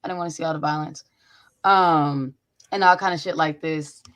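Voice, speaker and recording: Young woman host, brash and lively, cursing through casual stories on a video call. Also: low-pitched, moderate pace. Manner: animated, profane storytelling. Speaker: podcast host. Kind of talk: casual chat.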